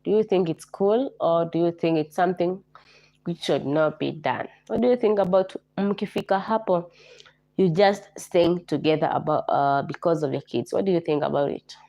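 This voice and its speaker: A Kenyan woman hosts a casual livestream chat in a low, mellow voice. She is hoarse from a flu and repeats herself as she greets viewers by name. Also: normal speed. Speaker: livestream host.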